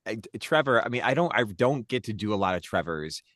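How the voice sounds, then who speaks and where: A man working as an audiobook narrator, chatting casually in an interview, animated and full of fillers. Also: lowish voice, brisk, dry recording, studio quality. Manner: animated, many fillers, acts out quotes.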